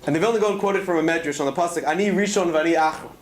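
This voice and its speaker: Earnest man, fairly high voice, storytelling Torah talk, roomy hall echo. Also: racing, slight background noise. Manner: earnest storytelling, weaving in Hebrew terms. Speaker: speaker at a student event. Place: event hall.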